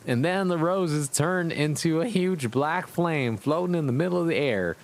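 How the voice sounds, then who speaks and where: A snippy goth teenager who talks like a Southern belle, put on by a man. Her put-on American Southern accent stretches each word into a slow, drawn-out drawl, and the whole thing plays as a comic dramatic reading of a badly written story. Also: a little high, slight background noise, pitched above the performer's own voice, natural voice. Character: surly gothic teen girl, Southern belle. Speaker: streamer.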